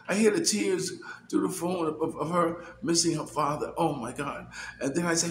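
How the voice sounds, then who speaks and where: A man's voice: fairly high pitch, normal speed. A middle-aged man vlogging casually, rambling with many fillers and repeated words. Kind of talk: casual personal vlog. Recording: echoey room with faint noise.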